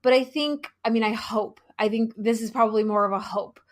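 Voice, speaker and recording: A woman who is a guest on a podcast, speaking frankly and deliberately and swearing freely. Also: a little high. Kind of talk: casual podcast conversation.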